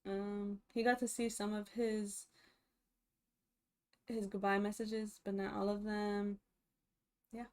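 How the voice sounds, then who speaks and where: A woman's voice: mid-range voice, level tone, takes it slowly, long pauses, darkish tone. A young woman casually recapping a reality TV episode, chatty and full of fillers and restarts.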